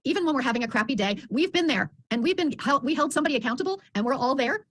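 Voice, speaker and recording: A woman on a video call, telling stories about her group program with lively, acted-out quotes. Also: high-pitched, very fast. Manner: animated storyteller who acts out others' voices. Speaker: program participant.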